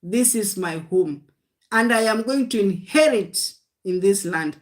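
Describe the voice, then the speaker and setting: A woman's voice: mid-range voice, animated, a little slow. A woman preaching a livestream sermon. She speaks in short, repeated exhortations and often calls her listeners "guys.". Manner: speaks in short declarations of faith.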